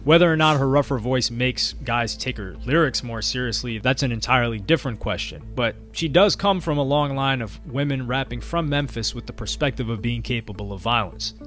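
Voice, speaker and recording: A man reads a scripted documentary narration in a measured, even way. His voice sits in a middle register, with soft music under it. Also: medium pitch. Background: faint music.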